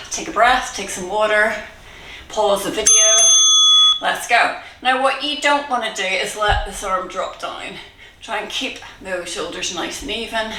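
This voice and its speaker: A woman coaching a live online kettlebell workout, encouraging and out of breath, cueing reps with quick laughs. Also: medium pitch, sharp tone, distant mic. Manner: encouraging, breathy between cues, laughs often. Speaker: kettlebell fitness instructor. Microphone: video call. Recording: echoey room, voice a bit off-mic.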